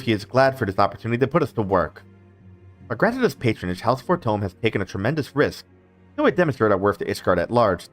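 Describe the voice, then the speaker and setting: Man reading as an earnest young ally, formal archaic lines, steady mid pitch, faint game music. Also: close to an everyday voice.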